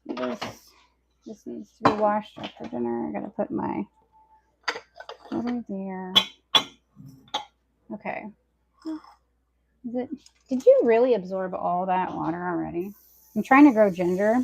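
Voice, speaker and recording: Casual at-home vlogger, a woman chatting through chores, talking to herself and viewers, voice with some fry. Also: mid-range voice, measured pace, long pauses, background noise. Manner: chatty, talks aloud to herself and viewers while working. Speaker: homestead lifestyle vlogger. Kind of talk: casual chat to camera while doing chores. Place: at home, indoors.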